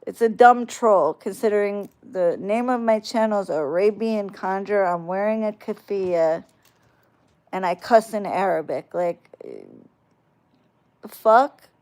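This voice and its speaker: Slow-talking profane woman ranting. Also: medium pitch, lively intonation, a little mellow. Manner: profane, combative, mocking. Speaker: video channel creator. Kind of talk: ranting vlog.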